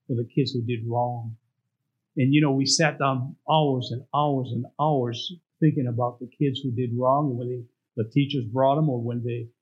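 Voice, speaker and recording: Husky-voiced preacher with a raised pitch. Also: male voice. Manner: asks the congregation frequent rhetorical questions. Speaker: pastor. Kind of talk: storytelling sermon. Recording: dull lo-fi recording.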